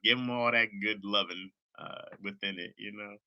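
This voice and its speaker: A man's voice: on the low side, steady tone, moderate pace, highs cut off. A young adult man hosting a livestream, talking in a laid-back, rambling way, teary and sniffling, cussing freely. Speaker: livestream host. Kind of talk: casual livestream chat.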